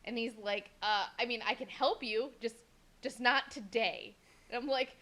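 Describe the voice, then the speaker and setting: A young woman co-hosting a podcast, telling a story in a casual, animated way, swearing freely and acting out what people said. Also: on the high side, moderate pace. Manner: animated, swears a lot, acts out quotes. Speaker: podcast co-host.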